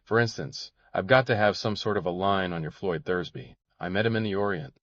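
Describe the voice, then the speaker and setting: A cynical private eye from a 1930s mystery audiobook, as a male reader plays him, with a very deep voice and a dry, sardonic delivery. The sound is muffled and close, with no room echo. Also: brisk, a bit bright. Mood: impatient. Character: wry, hard-boiled male private detective. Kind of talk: audiobook character voice. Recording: dull, dry recording.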